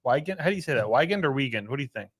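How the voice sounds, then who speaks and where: A man's voice: medium pitch, animated, very fast, fairly bright tone. A man from Texas co-hosting a casual podcast, laid-back and teasing. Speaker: podcast co-host. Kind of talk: casual chat, reading a listener story.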